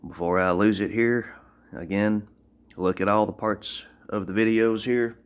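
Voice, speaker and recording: A man's voice: on the low side, fairly even intonation, measured pace, smooth. A man from Tennessee talking casually into his phone, rambling through a gun review with blunt opinions. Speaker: gun owner vlogger.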